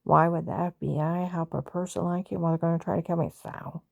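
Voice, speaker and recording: A woman's voice: lowish voice, steady tone, fast, creaky, dry recording, dull audio. A woman telling a personal story in a rambling, agitated monologue, often reenacting conversations and repeating herself. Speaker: vlogger recounting a personal story.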